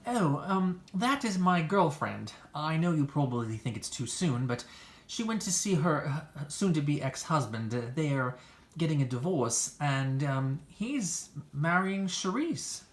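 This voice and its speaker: A woman playing a flirty smooth-talking man, theatrical, low voice, echoey room, hobby drama. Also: big pitch swings, a little slow. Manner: theatrical, gushing.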